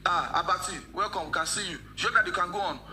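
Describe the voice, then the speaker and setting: A man's voice: sits high, quick pace, bright, forceful tone, slight background noise, poor audio. A man hosting a live stream, repeating himself as he addresses viewers. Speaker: host.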